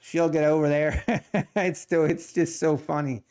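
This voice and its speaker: A man's voice: fairly high pitch, steady tone, unhurried, clean tone. A middle-aged man chatting casually on his live trading stream, joking, laughing often and rambling as he answers viewer chat. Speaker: live-streaming day trader.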